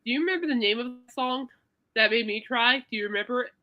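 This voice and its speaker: A woman's voice: a little high, muffled recording. A woman hosting a podcast in casual chat, chatty and giggly. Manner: chatty and giggly, long drawn-out words when emotional. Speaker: podcast host.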